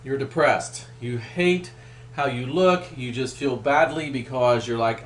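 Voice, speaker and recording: A man's voice: mid-range voice, animated, normal speed. A middle-aged man presenting a weight loss program in a webinar, with an upbeat, emphatic sales manner. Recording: echoey room with faint hum.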